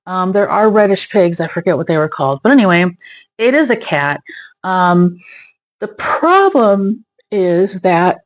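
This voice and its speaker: Chatty woman with low-ish voice, rambling. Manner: rambling, many fillers and trailing thoughts. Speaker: craft vlogger. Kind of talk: casual chat.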